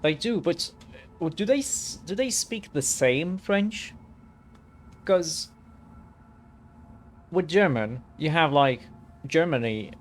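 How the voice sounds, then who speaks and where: A young man chatting over his gameplay, wandering from thought to thought with a lively, bouncing pitch. A faint ambience sits beneath his casual commentary. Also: a little hiss or hum. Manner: rambling, musing aloud, lots of fillers. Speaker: let's play commentator.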